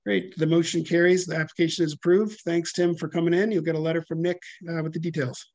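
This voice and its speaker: Male meeting chair, slightly high voice, dry close sound, stumbling and hesitant on a video call. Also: flat delivery, a little mellow, dry recording. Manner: halting, many fillers, self-correcting. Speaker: commission chair. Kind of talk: public hearing chairing.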